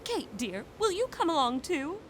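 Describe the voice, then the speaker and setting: A woman's voice: sits high, big pitch swings, moderate pace, slight background noise. A gushing genteel lady. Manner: effusive, theatrical.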